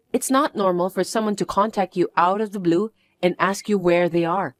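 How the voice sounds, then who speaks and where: A woman narrating a dramatized story in the first person, answering in a flat, weary and dismissive way. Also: medium pitch, moderate pace, few pauses, dry recording, soft background music.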